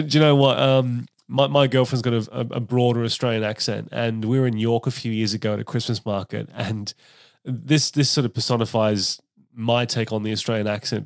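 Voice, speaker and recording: Animated male comedian hosting a chat. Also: medium pitch, no room sound, clean studio sound. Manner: animated, breaks into impressions and laughs. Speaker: podcast host, comedian. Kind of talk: casual chat interview.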